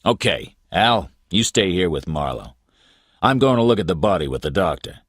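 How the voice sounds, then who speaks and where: A man's voice: deep voice, sing-song, slightly rough, dry recording, studio quality, full character voice. A man voicing an angry little police boss in an audiobook, curt and commanding. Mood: brisk. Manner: brisk, commanding.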